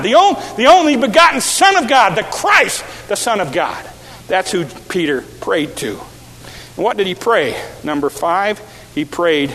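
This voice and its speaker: Man preaching, high voice, storytelling, shouted peaks, long hall reverb. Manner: storytelling, acts out quotes, builds to shouted peaks. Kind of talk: sermon.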